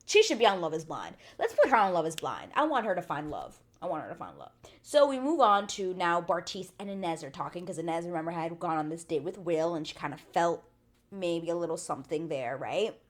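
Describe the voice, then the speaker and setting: A woman's voice: on the low side, big pitch swings, fairly quick. A woman hosting a casual TV recap vlog, chatty and blunt, full of "like" fillers and swearing. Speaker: TV recap channel host.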